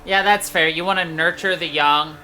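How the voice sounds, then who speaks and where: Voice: medium pitch, steady tone, normal speed, sharp tone, slight background noise. A streamer giving casual gameplay commentary in a loose, rambling way, swearing freely. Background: game music.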